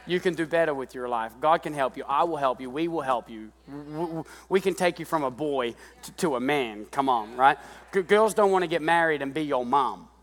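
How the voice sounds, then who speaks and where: A pastor in his thirties preaching a lively sermon, breaking into shouted impressions of kids and parents. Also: fairly high pitch, brisk. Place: church hall. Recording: long reverb of a large church hall.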